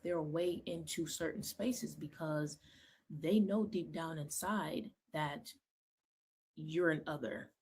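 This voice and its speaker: Commentator from a clip; husky tone, emphatic and mocking. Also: mid-range voice, slow pace, darkish tone. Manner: emphatic, mimics others in raised voices. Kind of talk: video commentary.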